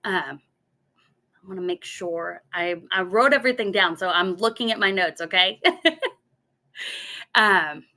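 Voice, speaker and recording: A woman's voice: mid-range voice, measured pace, pauses often, pushed and bright. A woman giving a motivational talk from her notes, earnest, repeating words as she goes and acting out her own inner voice.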